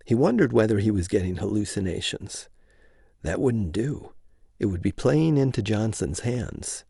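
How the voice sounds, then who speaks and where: A man narrating a vintage novel in an informal, expressive reading. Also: fairly low pitch, normal speed, gravelly, slightly rough, no echo. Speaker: reader.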